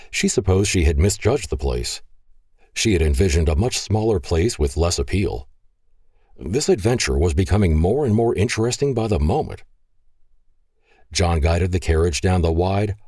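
A man reading a romance novel aloud as narrator, measured and expressive. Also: deep voice, breathy edge, no room sound, studio quality. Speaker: audiobook narrator.

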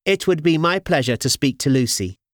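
A man voicing a calm young woman, a matchmaker, in an audiobook. She speaks in a matter-of-fact way. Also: fairly high pitch, moderate pace, no room sound, clean studio sound, natural voice. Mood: composed.

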